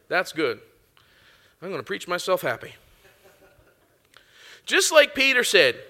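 A man delivering a sermon in a relaxed, folksy way. He mixes everyday chatter with scripture and throws out "amen" and "come on" to his listeners. His voice sits high and sounds bright and forward. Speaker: preacher.

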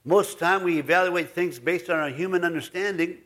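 A man's voice: sits high, a little fast, fairly bright tone. A man pastor giving a folksy, rambling sermon in his church, full of asides. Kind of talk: conversational sermon.

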